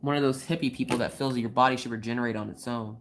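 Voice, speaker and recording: A chatty young woman hosting a casual craft live stream, her voice sitting low for a woman. She giggles a lot and bounces into quoted voices while she tells her stories. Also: fairly even intonation, quick pace, a little hiss or hum. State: recovering from a cold. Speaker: livestream host.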